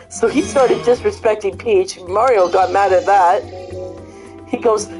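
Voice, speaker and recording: A woman chatting casually, retelling a funny video with lots of swearing and animated storytelling. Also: mid-range voice, a little slow, faint music behind, poor audio. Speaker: host. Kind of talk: casual chat.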